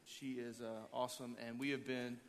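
A man in his thirties, a pastor preaching a sermon, energetic and joking as he rallies the crowd. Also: mid-range voice, brisk. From Arkansas. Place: large church auditorium. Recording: long hall reverb.

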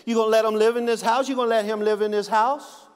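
A man's voice: mid-range voice, expressive, fairly quick, pitched below the performer's own voice, close to an everyday voice. A man playing a jealous husband in a spoken joke, pressing his wife with repeated questions, heard in a hall with long reverb. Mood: indignant.

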